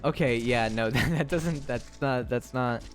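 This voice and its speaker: A man's voice: unhurried, faint music behind. A man streaming live, chatting with his viewers in a rambling, giggly way. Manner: giggly, rambling, breaks into high laughing shrieks. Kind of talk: casual live-stream chat.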